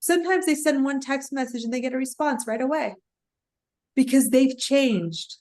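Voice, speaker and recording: A woman, a parental alienation coach, talking as a podcast guest and telling client stories with lively acted-out quotes. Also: high-pitched, normal speed. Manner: animated storytelling, acts out clients' voices.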